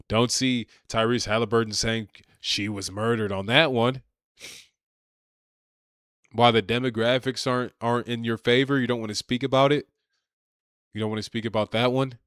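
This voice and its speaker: A man's voice: mid-range voice, fairly bright tone, no echo, clean studio sound. A man giving a combative political rant, repeating himself and leaning on slang. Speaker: political commentator.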